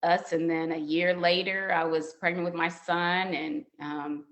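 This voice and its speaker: A middle-aged woman, a podcast guest, telling a casual story and acting out the quoted dialogue in a raised voice. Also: unhurried. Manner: animated, acts out quoted dialogue in higher voices.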